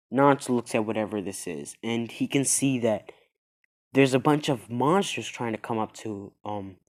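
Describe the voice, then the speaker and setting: A man telling an improvised fan story in a meandering, halting way, full of fillers and restarts. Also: lowish voice, darkish tone.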